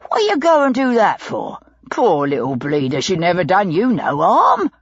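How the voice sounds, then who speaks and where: Woman voicing a gruff brute. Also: on the low side, wildly swooping pitch, normal speed, no echo, highs cut off, full character voice. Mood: savage. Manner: rough, belligerent, coarse slang. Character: burly gruff male London lodging-house man.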